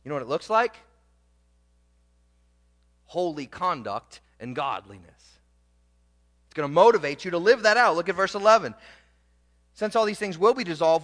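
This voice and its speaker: A man with a high voice delivers a sermon as pastor. He swings from loud, emphatic proclaiming down to quiet, low asides. His voice rings with the long reverb of a church hall. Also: big pitch swings, moderate pace, long pauses.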